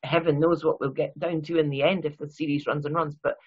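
A woman's voice: low-pitched, flat delivery, quick pace, a little mellow, dull audio, a little hiss or hum. A Scottish woman being interviewed as a guest author, chatty and self-deprecating, rambling with many restarts. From Scotland. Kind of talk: casual interview chat.

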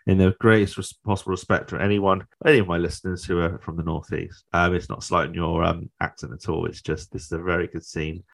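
Very low-voiced British man, chatty podcast host, laughs easily. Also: vocal fry. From Britain. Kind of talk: casual chat commentary.

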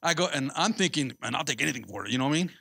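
Man, pastor, sermon, lively swooping pitch, bright voice, calls out to the crowd. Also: very fast, creaky, slightly rough. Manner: animated, repeats himself, calls out to the congregation. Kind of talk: sermon with personal story.

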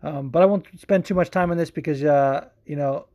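Male podcast host, loose and profane, animated delivery, voice a touch high. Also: fairly quick, dull audio. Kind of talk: casual podcast commentary.

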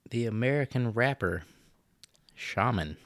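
A man's voice: lively intonation, unhurried, a bit bright, no echo, clean studio sound. A man co-hosting a podcast, chatting loosely and with lots of swearing. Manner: profane, rambling, mocking quotes in a high voice. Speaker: podcast co-host. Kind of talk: casual chat.

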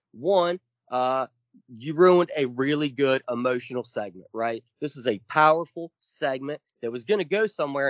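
Podcast co-host, man, high-ish voice, emphatic profane rant, dull dry lo-fi sound. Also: a bit bright, no echo. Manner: emphatic, profane, counts off points.

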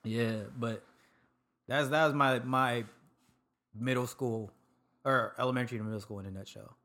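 A young man from Sacramento, a podcast guest casually telling stories about his life, laid-back and quick to laugh and swear. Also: medium pitch, fairly even intonation, bright, forceful tone. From Sacramento, California. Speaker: podcast guest, food truck owner. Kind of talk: casual storytelling chat.

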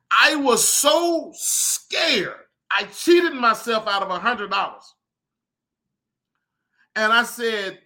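A man hosting a podcast, telling a story in a casual, animated way and speaking straight to his listeners. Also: sits high, slow pace, long pauses. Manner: animated, chatty, talks to listeners directly. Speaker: podcast host and leather craftsman.

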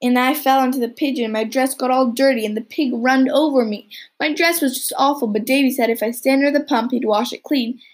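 A woman reading as a timid little girl from a storybook, plaintive and wailing. The voice sits high and a little breathy. She sounds meek and tearful throughout. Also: brisk.

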